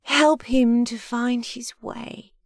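Devout praying woman played by a woman, audiobook, slow drawn-out pleading, raised pitch, dry sound. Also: fairly even intonation, no echo. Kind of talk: audiobook character reading.

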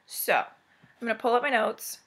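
A woman's voice: a little high, moderate pace, fairly bright tone, husky. A woman vlogger at home giving a casual, rambling cross-stitch update full of asides.

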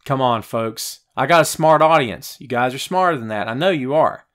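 A man with a medium-pitched voice talks at a moderate pace. He's a wrestling talk show host reading out viewer comments and ranting back at them, slightly out of breath, animated and rhetorical, like a podcast host.

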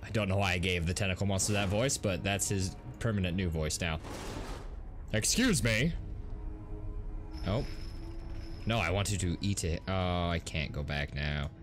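A man hosting a gaming video, commentating a let's play in an excitable way, gasping and laughing as he plays. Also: low-pitched, normal speed. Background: game music.

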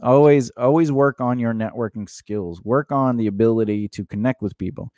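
A man with a mid-range voice co-hosts a casual podcast talk show at a moderate pace, recorded with studio quality and no room sound. He gives career advice animatedly, acting out quoted lines in changed voices.

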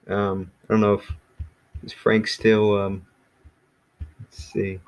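A man teaching an online language class in a relaxed, rambling way with many fillers, speaking over a video call. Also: on the low side, slow. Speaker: Greek teacher.

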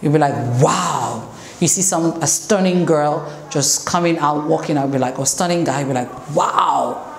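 A woman English teacher giving a relaxed, conversational classroom lesson, mixing in French explanations. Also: low voice, fairly quick, few pauses. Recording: echoey room, faint noise.

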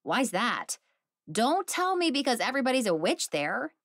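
A woman's voice: fairly high pitch, sing-song, moderate pace, fairly bright tone, no echo, clean studio sound, pitched above the performer's own voice, exaggerated voice. A woman voicing a dazed young woman in her twenties, incredulous and full of questions.

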